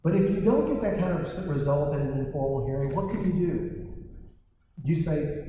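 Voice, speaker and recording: Animated man lecturing in an echoey hall. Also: a little high, normal speed, a little hiss or hum. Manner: animated and wry, acting out quoted exchanges. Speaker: property tax seminar presenter. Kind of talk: live seminar talk. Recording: echoey hall from far off, dull sound.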